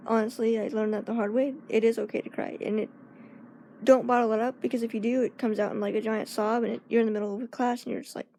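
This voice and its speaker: High-voiced young woman vlogging casually. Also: little pitch movement, warm tone. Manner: halting, searching for words, laughs often. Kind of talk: casual personal vlog.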